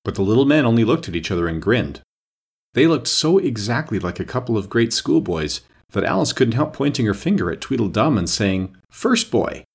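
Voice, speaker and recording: A man narrating a classic children's book with expressive storytelling. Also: medium pitch, fairly quick, gravelly, slightly rough. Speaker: audiobook narrator. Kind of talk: scripted narration.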